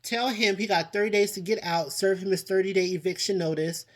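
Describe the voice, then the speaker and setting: This channel host reviews a reality show casually, with a medium-pitched, steady voice that runs a little fast. The tone is exasperated and dramatic, full of frequent sighs and exclamations, direct address to people, and repeated lines for emphasis.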